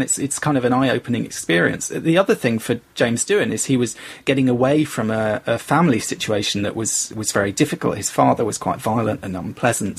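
London male co-host, gravelly and husky, loose hesitant podcast chat. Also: mid-range voice. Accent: London English. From England. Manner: hesitant, lots of restarts and fillers. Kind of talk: casual discussion.

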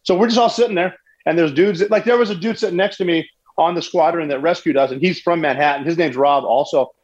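A man telling a story in a conversational way, animated, with restarts and sports analogies. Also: fairly high pitch, quick pace, highs cut off. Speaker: guest recounting a military raid.

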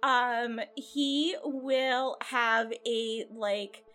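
A woman's voice: on the high side, fairly even intonation, drawn-out words, a bit bright, faint music behind. A young woman playing a tabletop character, rambling through her story with many fillers and restarts. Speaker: player character. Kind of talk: in-character tabletop role-play.

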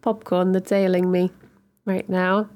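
A woman's voice: on the low side, flat delivery, measured pace, heavy background noise. A woman from Hertfordshire, co-hosting a podcast and rambling through stories with lots of giggles. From Hertfordshire, England. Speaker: podcast co-host. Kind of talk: casual chat.

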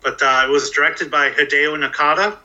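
A man lays out film details in a precise, informative way during a casual podcast. His voice sounds very bright and sharp. It sits a little higher than most men's. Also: fairly even intonation, fairly quick, dull audio. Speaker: podcast guest presenting a film.

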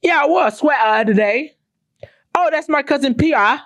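A woman's voice: high-pitched, lively intonation, normal speed, fairly bright tone, no echo, clean studio sound, voice pushed up. A woman putting on a mocking British accent to play a prim young woman who swallows her T sounds. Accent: mock British.

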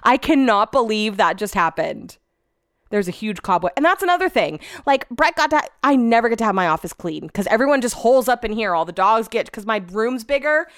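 A woman's voice: fairly high pitch, animated, brisk, no room sound, studio quality. A woman hosting a podcast alone, telling a story candidly and animatedly, swearing freely and laughing at herself, recorded in her home office. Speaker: podcast host.

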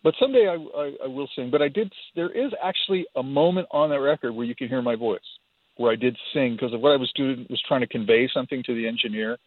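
A man's voice: mid-range voice, fast, no room sound. A man talking casually as a guest in a phone interview, rambling and self-deprecating, often repeating his words. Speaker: guitarist guest. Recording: tinny phone line, husky.

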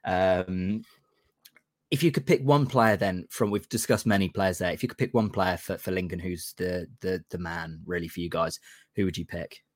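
A man's voice: deep voice, moderate pace, no room sound, studio quality. A man in his twenties hosting a casual podcast chat, self-mocking and tripping over names. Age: 20s. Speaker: podcast host.

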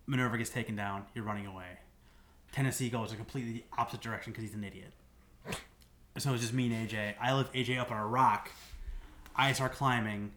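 A man's voice: lowish voice, steady tone, quick pace, a bit bright, a little hiss or hum. A man on a podcast casually recapping a game's story in a rambling way, full of "like"s and restarts. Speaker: podcast co-host.

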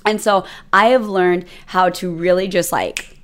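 Speaking at a measured pace in a lowish, steady voice, a young adult woman rambles through a personal story on her own casual podcast, leaning on plenty of fillers as she chats.

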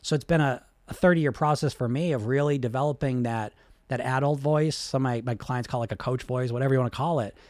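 A man coaching on weight loss and hypnosis in a casual, animated talk, often swearing and asking "right?". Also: mid-range voice, fast talker, no echo, clean studio sound. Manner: animated, swears freely, many fillers like "right?".

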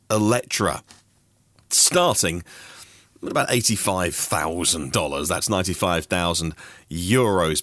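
Chatty low-voiced male news podcaster. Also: fairly bright tone, dry recording, clean studio sound. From Norfolk, England. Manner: chatty, with personal asides and quick reactions. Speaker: podcast host. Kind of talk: daily news podcast roundup.

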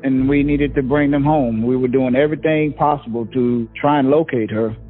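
A man, a victim's brother, recounting his memories in an interview, halting often and filling pauses with "uh". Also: mid-range voice, fairly even intonation. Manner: halting, with many fillers. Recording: tinny phone-like audio with faint music.

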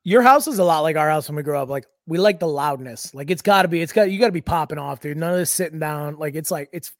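Podcast co-host, man, higher voice, dry close sound, animated and profane. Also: fast talker, no room sound. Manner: animated, swearing, lots of fillers and voiced bits. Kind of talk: casual chat.

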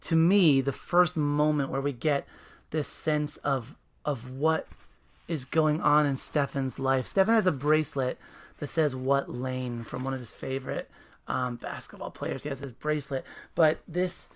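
An interviewer talks casually and enthusiastically about a book, often pausing on fillers. The voice sits at a middle pitch and reads passages aloud between remarks. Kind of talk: casual conversation and reading aloud.

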